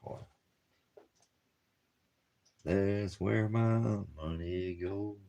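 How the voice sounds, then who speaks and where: A man's voice: deep voice, extremely slow, warm tone, muffled recording. A man hosting a ministry stream from home, rambling in a casual monologue full of puns and rhyming wordplay. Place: at home with a dog and a fire.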